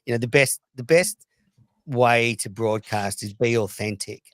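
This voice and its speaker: A man hosting a casual live show, rambling and reading posts aloud with quick asides. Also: mid-range voice, a bit bright, dry recording. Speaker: podcast host.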